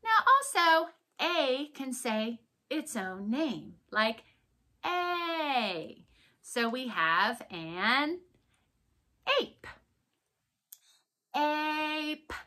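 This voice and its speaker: A young woman teaching letters to small children in an encouraging, sing-song way, slowing down and exaggerating her words. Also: high-pitched, sing-song, bright, forceful tone. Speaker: preschool teacher.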